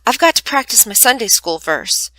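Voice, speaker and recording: Chatterbox girl, excitable and eager, high and bright voice, a woman reading it. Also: normal speed, no echo, poor audio. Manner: eager, nonstop talking. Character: chatty excitable young girl, big sister.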